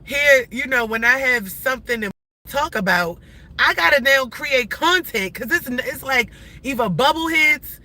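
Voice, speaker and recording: Talking to her livestream audience from in or near a car in traffic, this woman in her forties is blunt and emphatic, her slangy, rambling speech full of restarts. Her voice is high-pitched, animated, pushed, and bright, and a little slow.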